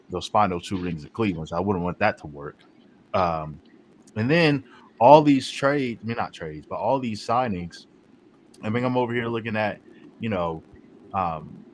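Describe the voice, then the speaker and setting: A man co-hosting a casual sports chat, stammering and laying out his points one by one. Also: sits low. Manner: repeats words, lists points by number. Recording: faint background noise.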